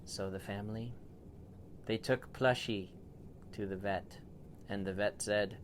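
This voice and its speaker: A man improvising a bedtime story for a child, playful and animated, with big swings in loudness. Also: lowish voice, measured pace, pauses often, a little hiss or hum.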